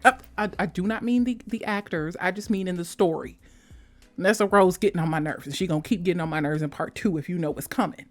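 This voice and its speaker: A woman chatting casually as a vlogger, gushing about a film in slangy talk, switching between high mock voices and soft whispers. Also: fast talker, faint music behind. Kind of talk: casual chat.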